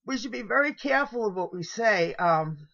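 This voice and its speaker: A middle-aged woman rambles through a confessional monologue straight to camera, circling back and restarting her thoughts. Her voice is bright and tense. The sound is dull and lo-fi, picked up by a built-in camera mic. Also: mid-range voice, lively intonation, normal speed, gravelly. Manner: rambling, meandering, with trailing restarts. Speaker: vlogger. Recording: dull lo-fi home video audio.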